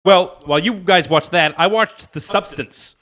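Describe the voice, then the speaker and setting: A man co-hosting a casual podcast, explaining things in a brisk, plain way with small fillers. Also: high-pitched, fairly bright tone. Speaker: podcast co-host. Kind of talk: casual chat.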